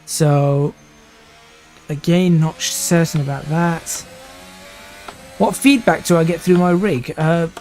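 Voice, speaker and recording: A man's voice: on the high side, steady tone, takes it slowly, pauses often, darkish tone, faint music behind. A man in his twenties streaming a racing sim live, thinking aloud and restarting sentences while he drives. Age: 20s.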